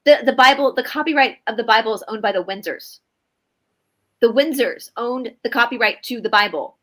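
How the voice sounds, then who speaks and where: Woman, co-host, casual live chat, bright high voice, animated. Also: normal speed, rough recording. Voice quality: animated, laughs readily. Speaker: co-host of a live spiritual talk stream.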